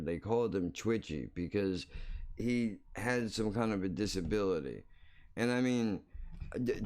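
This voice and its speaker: This podcast host's voice sits on the low side with a somewhat dark tone. He's telling a meandering story on his own show in a casual monologue, speaking bluntly and cursing without restraint.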